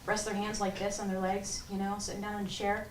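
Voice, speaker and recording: Against a noisy background, a woman with a medium-pitched voice speaks fairly quickly in a completely flat delivery. She instructs an interview-skills workshop for a class in a large room, coaching directly and demonstrating poses; the roomy hall sound is picked up from far away.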